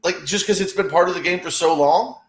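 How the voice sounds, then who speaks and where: His voice is high-pitched and brisk as this man, a guest on a sports watchalong, reacts to the game. The chat is casual, with free swearing and animated exclamations at the action.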